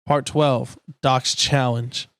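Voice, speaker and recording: A man's voice: mid-range voice, level tone, takes it slowly, fairly bright tone, dry recording, studio quality. A man reading a transcript aloud in a plain way, stumbling now and then and sometimes swearing. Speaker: youtuber.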